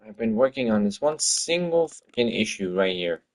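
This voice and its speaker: Gravelly, exasperated man ranting while working. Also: lowish voice, big pitch swings, normal speed. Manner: exasperated, swearing, talking to himself. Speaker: game developer streaming his work. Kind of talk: livestream commentary while working.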